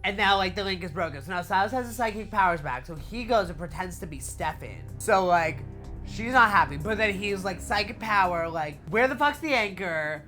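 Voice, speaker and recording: A young woman giving a casual TV episode recap, talking fast and slangy, swearing freely and saying "like" a lot. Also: mid-range voice, expressive, fairly bright tone, faint music behind. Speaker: TV recap vlogger.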